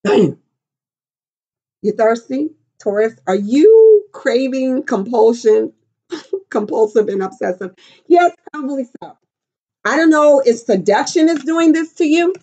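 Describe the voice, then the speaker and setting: A woman's voice: high voice, very animated, measured pace, dark tone. Brash, playful woman reading tarot. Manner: brash, profane, playful, breaks into silly singing and voices. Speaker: tarot reader. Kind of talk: casual tarot reading monologue.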